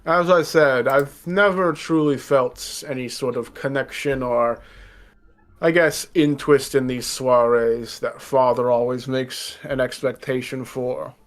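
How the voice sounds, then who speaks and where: A man's voice: medium pitch, fairly even intonation, unhurried, close to an everyday voice. A man playing a reserved young nobleman who is tired of formal society, speaking politely and a little formally. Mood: dry.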